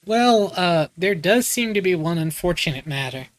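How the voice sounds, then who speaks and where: Man voicing a polite office secretary, brisk, dry close sound. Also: high-pitched, expressive, dry recording. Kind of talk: reading game dialogue aloud.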